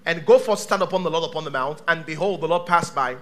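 A male pastor preaching a sermon to a live church congregation, dramatic, swinging from shouts to hushed tones. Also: fairly high pitch, fast talker, hardly any pauses.

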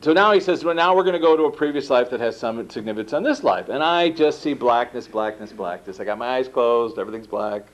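A man giving a talk to an audience, telling a personal story with lively acted-out dialogue and laughing at himself. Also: medium pitch, quick pace, few pauses. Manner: animated, acts out quoted dialogue, laughs at himself. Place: lecture room. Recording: dull lo-fi talk recording.

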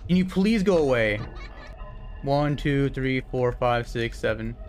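A young man streaming a horror game, excitable and swearing, yelping and shouting whenever he gets startled. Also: medium pitch, unhurried, soft background music. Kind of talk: live gameplay commentary.

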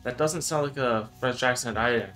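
A man's voice: medium pitch, moderate pace, a bit bright. Laid-back man commenting on a game. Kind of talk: casual let's play commentary. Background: game music.

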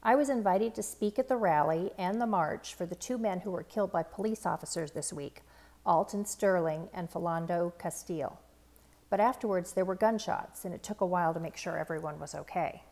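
A woman voicing a patient father who gently explains sad news to his son in a storybook read-aloud. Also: fairly low pitch, a little fast. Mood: gentle sad.

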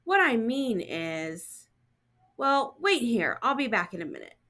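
A woman's voice: on the high side, very animated, unhurried, full character voice. A woman reading aloud, voicing a wise, kind grandmother in a storybook who speaks patiently. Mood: caring. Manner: warm, patient, teaching.

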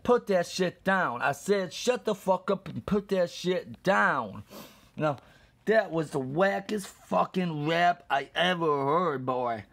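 A man putting on a deep angry voice, scolding and insulting with heavy swearing. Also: expressive, slow pace, gravelly, a bit bright, full character voice.

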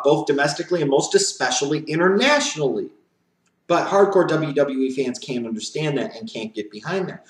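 A man's voice: on the high side, reverberant, far from the mic, low-quality recording. A man hosting a wrestling opinion show, delivering a profane, emphatic rant. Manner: profane, emphatic, rising to shouts on key points. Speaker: wrestling commentary host.

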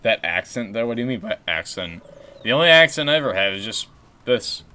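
A man's voice: on the low side, lively intonation, a little fast, pushed and bright. A man casually chatting while streaming a game, rambling and answering chat. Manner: rambling, restarts, reads chat.

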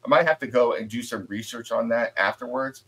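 Laid back guy cohosting a podcast, mid pitched voice, just chatting. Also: fairly quick, a bit bright, slightly rough, poor audio. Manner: chatty and easygoing, laughs at himself. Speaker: podcast co-host. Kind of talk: casual podcast chat.

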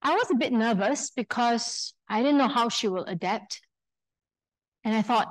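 Lively Singaporean woman leading a workshop. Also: a little high, moderate pace, poor audio. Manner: lively storyteller, acts out quoted speech; engages audience with questions and polls. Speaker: workshop speaker. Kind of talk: live workshop talk to an audience.

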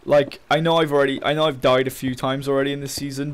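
A man's voice: mid-range voice, level tone, fast, few pauses. A young man giving casual, swear-heavy commentary as he plays a Minecraft map and rants about his losses. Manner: casual, swearing, frustrated ranting. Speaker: gaming YouTuber. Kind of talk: Minecraft let's play commentary.

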